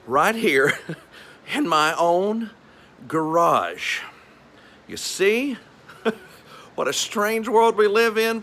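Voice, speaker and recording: Lively man with a Southern drawl. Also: a little high. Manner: folksy, animated, joking. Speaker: television meteorologist. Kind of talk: recorded video message. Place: home garage.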